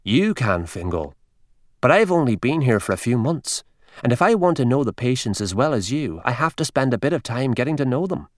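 A man's voice: mid-range voice, very animated, a little fast, dry recording, clean studio sound, close to an everyday voice. A man voicing an earnest, polite young country doctor in an audiobook reading.

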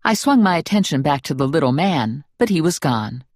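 Woman audiobook narrator, low voice, animated pitch, wry, playful, dry studio mic. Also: brisk, no echo. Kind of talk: first-person audiobook narration.

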